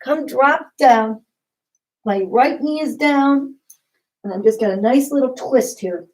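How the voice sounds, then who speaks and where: A woman talks a class through yoga poses one cue at a time, calm and encouraging. Her voice sits a little on the high side. She keeps a steady, guiding tone as she instructs. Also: slow pace, rough recording. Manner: calm and encouraging, step-by-step cues.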